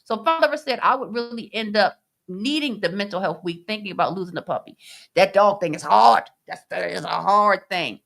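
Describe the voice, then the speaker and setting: A woman's voice: medium pitch, animated, brisk, creaky, a bit bright. A woman co-hosting a casual podcast, reading chat comments and laughing as she acts out quoted voices.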